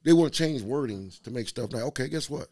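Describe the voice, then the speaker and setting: A man in casual chat, telling lively stories, acting out the quotes and laughing often. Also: medium pitch, brisk. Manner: animated storyteller, acts out quotes, laughs often. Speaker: podcast guest telling stories.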